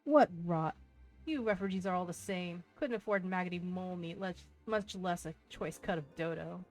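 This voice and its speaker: A woman's voice: lowish voice, moderate pace, soft background music, lightly acted, rough recording. A woman voicing a greedy, bullying male merchant who sneers and threatens in a game. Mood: sneering.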